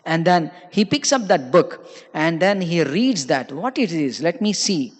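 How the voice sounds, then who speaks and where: A man's voice: a little high, animated, a little slow. A man giving a storytelling sermon at a temple Sunday program. He acts out his characters' lines and often checks in with his listeners. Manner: tells anecdotes, acting out characters' lines and often checking in with "okay?". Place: temple hall. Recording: long reverb of a large hall.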